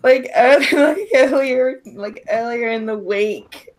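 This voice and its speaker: A young woman hosting a casual live stream while semi-sick, her voice hoarse, laughing often as she talks. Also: fairly high pitch, slow pace, darkish tone. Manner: giggly, laughs often between words. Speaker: streamer host.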